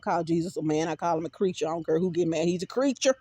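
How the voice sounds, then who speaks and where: A woman's voice: lowish voice, fast, few pauses, dark tone, husky, no room sound. A woman talking casually to her viewers in a rambling, emphatic way, repeating words and swearing freely. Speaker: vlogger.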